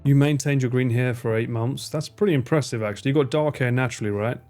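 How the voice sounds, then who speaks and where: A man's voice: mid-range voice, quick pace, darkish tone, soft background music. A man in his thirties live streaming, joking and swearing in casual banter with his chat.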